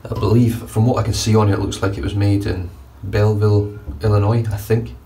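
Recorded from a distance with faint room noise, this man reviews a shave in an indoor bathroom, casual, blunt, and sweary. He's a wet-shaving vlogger with a low, dark, level-toned voice and a fairly quick pace.

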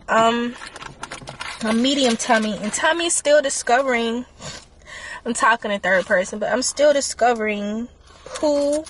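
A woman's voice: a little high, a bit bright. A young woman vlogging casually, rambling candidly and emotionally and sometimes talking to herself. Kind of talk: casual reflective vlog chat.

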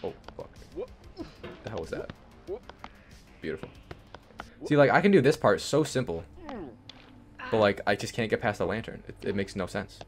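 Young male gamer, swearing, wildly swinging pitch, yells then mumbles. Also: lively intonation, normal speed, long pauses, soft background music. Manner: swings from yelling rage to low mumbling; swears and insults the game. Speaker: gaming YouTuber. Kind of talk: casual gameplay commentary.

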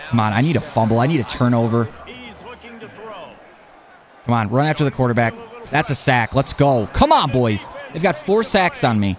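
A young man commenting on his own football video game as he plays, excitable and talking to himself, often yelling at plays. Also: mid-range voice. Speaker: gaming YouTuber. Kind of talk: live gameplay commentary.

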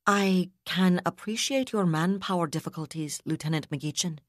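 A woman voicing a calm, composed female officer who speaks in a measured, slightly wry way. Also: fairly low pitch, no echo, clean studio sound, voice pushed up, lightly acted.

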